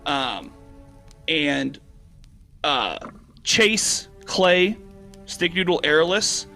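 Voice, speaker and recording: A man's voice: on the high side, big pitch swings, drawn-out words, creaky, pushed and bright, soft background music. An American man narrating as dungeon master in a casual, hesitant way, full of fillers. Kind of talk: narrating a tabletop game.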